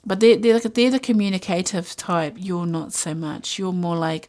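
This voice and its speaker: A woman's voice: on the low side, moderate pace, few pauses, a little mellow. A woman giving a casual intuitive tarot reading, musing aloud with many fillers and asides. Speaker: tarot reader.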